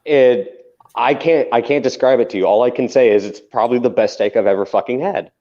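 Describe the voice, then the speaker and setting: Man, casual podcast banter, emphatic, swears a lot, mid pitch, muffled lo-fi sound. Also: a little fast, mellow. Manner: profane, emphatic, insistent. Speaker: podcast co-host. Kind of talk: casual chat. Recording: dull lo-fi sound.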